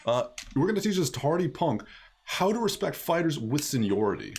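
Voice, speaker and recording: A man's voice: fairly high pitch, big pitch swings, brisk, gravelly, darkish tone, slight background noise. A man voicing rowdy male goomba fighters in a mocking tough-guy way. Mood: scornful.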